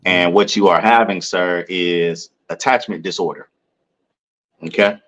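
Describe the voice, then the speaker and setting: A man's voice: deep voice, steady tone, unhurried, fairly bright tone. A man co-hosting a casual podcast, giving laid-back advice and joking as he talks. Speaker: podcast co-host. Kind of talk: casual chat.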